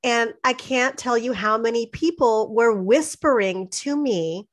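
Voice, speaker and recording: A woman, co-hosting a podcast and telling her stories in a lively, emphatic casual chat. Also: on the high side, a little slow. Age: 50s. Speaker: podcast co-host.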